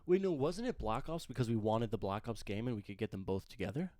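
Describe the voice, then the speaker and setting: Young man chiming in, low voice. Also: sing-song, quick pace, dark tone, no echo, clean studio sound. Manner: chiming in with short reactions and jokes. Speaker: podcast co-host. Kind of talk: casual chat.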